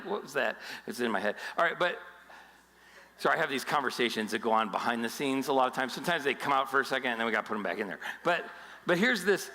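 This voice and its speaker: Bright, animated male pastor preaching. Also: medium pitch, quick pace, in a large hall. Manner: animated, joking storytelling. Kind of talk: sermon.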